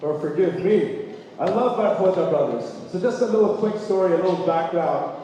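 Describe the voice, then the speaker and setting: A man's voice: high-pitched, normal speed, dark tone, highs cut off, a little hiss or hum. A man from Canada hosting a gala, chatty and self-deprecating, with many asides. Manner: chatty, self-deprecating, frequent "you know". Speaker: gala emcee. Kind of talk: event hosting with personal anecdotes. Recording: echoey banquet hall, distant mic.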